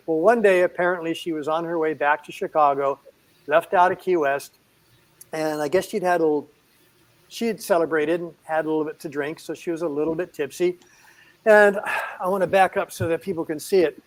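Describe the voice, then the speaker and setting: A middle-aged man, a veterinarian guest, telling an anecdote in an animated way with chuckles. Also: fairly high pitch, poor audio. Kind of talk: anecdotal storytelling.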